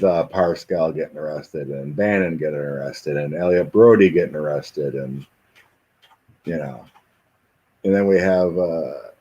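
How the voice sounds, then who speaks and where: Male host, deep and a little raspy, loose rambling chat delivery. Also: lo-fi sound. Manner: rambling, animated, mocking impressions. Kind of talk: casual chat with tarot reading.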